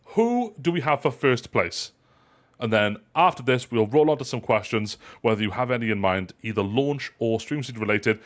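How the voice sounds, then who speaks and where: A man hosting a live stream roundup, chatting playfully and rambling between clips. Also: medium pitch. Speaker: host. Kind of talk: casual live stream chat.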